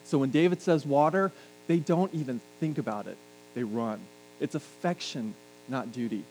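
Speaking to his congregation in a relaxed, conversational way, this middle-aged pastor slips jokes into his sermon. His mid-range voice is a little mellow and keeps a moderate pace. Recording quality is poor, and a faint mains hum runs through it.

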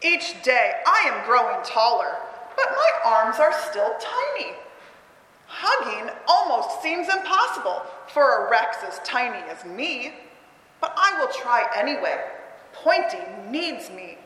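Woman voicing a small earnest dinosaur boy, plain deliberate read, roomy reverb. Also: sits high, pitched above the performer's own voice, heavily acted. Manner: slow, flat, deliberate reading of period-ended lines. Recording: roomy hall with long echo.

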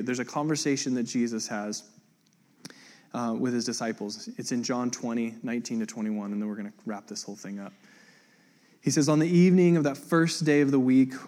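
A man's voice: mid-range voice, a little mellow. A man preaching a casual sermon in a conversational way, full of fillers, acting out the voices of the people in the story he tells. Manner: conversational, acts out quoted voices, many "like" fillers. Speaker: pastor.

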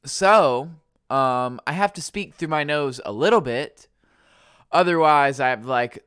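A man with a stuffy nose talks solo on his podcast in loose, rambling chat, leaning on fillers. His voice is smooth and clean. The sound is close and dry. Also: medium pitch, slow pace, a bit bright, no room sound. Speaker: podcast host.

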